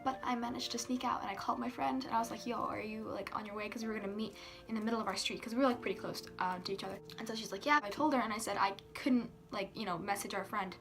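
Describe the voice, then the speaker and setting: A young woman telling a storytime tale casually. She swears a lot, fills her talk with "like", giggles and sometimes drops to a hush. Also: medium pitch, steady tone, fast talker, soft background music. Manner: giggly, profane, filler-heavy, hushed at times. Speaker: vlogger.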